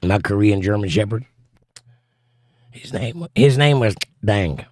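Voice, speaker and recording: A man's voice: lowish voice, lively intonation, unhurried, darkish tone, no echo, studio quality. Wry man reading chat on a livestream. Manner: wry, joking, reads comments aloud.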